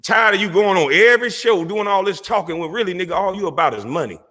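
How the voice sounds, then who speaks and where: A male livestream host delivers a heated, mocking call-out aimed right at a rival. His bright voice swings widely in pitch. The sound trails off in a long, hall-like reverb. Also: lively intonation, fast. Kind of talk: confrontational call-out rant.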